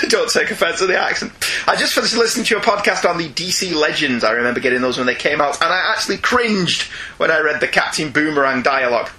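High, lively podcast host. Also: male voice, fast, poor audio. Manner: jokey, laughs often, teasing. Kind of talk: casual chat reading listener emails.

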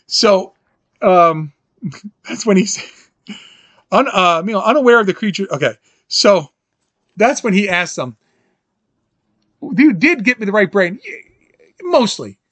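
A man casually recapping a film as podcast host, animated, quoting scenes and laughing often. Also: slow pace, pauses often, no room sound. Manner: animated, quotes scenes in jumpy high voices, laughs often.

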